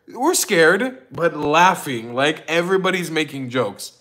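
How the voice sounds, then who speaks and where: A man chatting on a casual livestream. His voice sits a little high, and he talks in an excitable, profane rush, breaking into laughter often. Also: a little slow. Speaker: livestream host.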